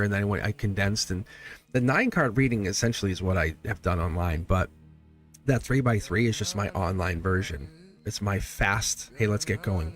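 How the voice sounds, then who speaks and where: Chatty low-voiced man reading tarot live. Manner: chatty, rambling, laughs often, talks straight to viewers. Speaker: tarot reader and channel host. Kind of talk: casual live-stream talk while reading tarot. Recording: soft music playing behind. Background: quiet background music.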